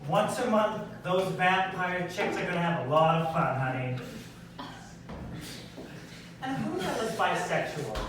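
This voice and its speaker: A brash male stand-up comic with a fairly high voice who delivers punchy lines and quick asides. He is picked up from a distance in a very echoey room, with steady noise behind him. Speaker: stand-up comedian. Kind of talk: stand-up comedy set. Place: performance venue.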